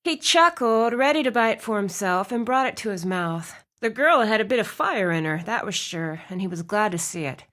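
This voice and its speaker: A woman reading a romance audiobook aloud, with expressive narration. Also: mid-range voice, moderate pace, few pauses. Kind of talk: scripted narration.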